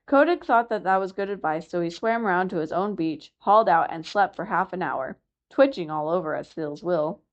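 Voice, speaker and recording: A woman narrating a classic chapter book aloud for a library reading program, in a clear, steady storytelling manner. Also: fairly low pitch, moderate pace, highs cut off. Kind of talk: audiobook narration.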